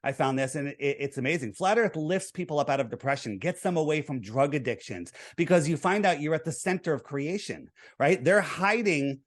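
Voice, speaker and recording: A man being interviewed, with a voice pitched a little above the usual for a man. He explains himself in an earnest, lecturing manner, taking the listener through his figures step by step. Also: expressive, a little fast, hardly any pauses. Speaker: interview guest.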